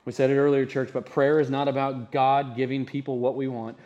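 A man's voice: medium pitch, level tone, brisk, a little mellow, lo-fi sound. A man preaching a sermon as pastor, conversational, often asking the congregation rhetorical questions.

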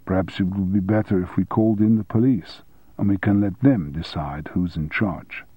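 A man's voice: sits low, moderate pace, slightly rough, no echo, phone-quality sound. A man doing an unmoved, dry-witted mechanic. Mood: dry calm. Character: calm, dry-witted German male garage mechanic. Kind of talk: audiobook character voice.

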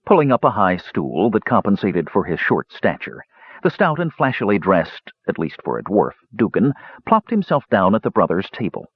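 A man narrating a fantasy novel in measured, expressive storytelling. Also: fairly low pitch, husky, no room sound, lo-fi sound. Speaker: audiobook narrator. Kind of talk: scripted narration.

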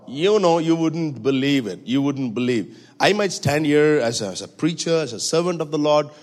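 A man preaching a sermon in a church, swinging from hushed, intimate passages to loud, high-pitched exhortation. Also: expressive, moderate pace. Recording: reverberant church hall.

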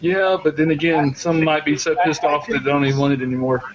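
A man's voice: on the high side, flat delivery, quick pace. A man co-hosting a casual podcast, telling long rambling stories with many restarts. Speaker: podcast co-host. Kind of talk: casual chat. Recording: dull, noisy podcast recording.

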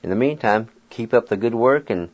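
A man's voice: mid-range voice, animated, brisk, highs cut off. A man hosting a radio language lesson who spells words out letter by letter and encourages his listeners. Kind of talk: slow, patient pronunciation lesson.

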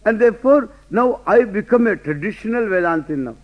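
A high-pitched man teaches in a lecture, stressing points and throwing questions at his listeners. The sound is muffled and lo-fi, like an old class recording. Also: animated, a little fast. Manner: rhetorical questions, emphatic, laughing asides. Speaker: Vedanta teacher.

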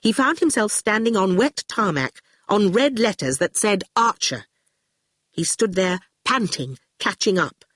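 An audiobook narrator reading scripted narration expressively and dropping low for speech tags. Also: expressive, a little slow, a bit bright, no echo, clean studio sound.

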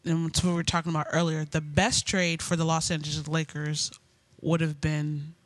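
A man with a fairly high voice co-hosts a casual sports podcast. He talks loosely, circles back and repeats phrases. The sound is dry and close. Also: monotone, normal speed, fairly bright tone, no echo. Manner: loose and rambling, repeats himself, short reactions. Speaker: podcast co-host.

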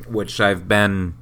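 A man's voice: on the low side, very noisy. A sick man hosting a solo podcast, rambling in a profane, self-mocking way. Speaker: podcast host. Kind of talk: casual solo podcast monologue.

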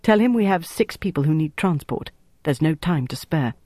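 A man's voice: a little high, animated, a little mellow, no echo, clean studio sound. A man voicing a firm, commanding female British agent in an audiobook. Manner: firm, brisk orders.

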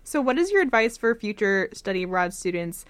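A young woman interviewing a guest on college radio, relaxed and friendly, with casual fillers. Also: medium pitch, a little fast, dry recording. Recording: dry studio sound.

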